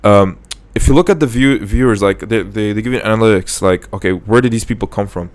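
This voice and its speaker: Young man, podcast host, quick talker, lowish voice, casual rambling chat. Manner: relaxed, rambling storytelling with restarts.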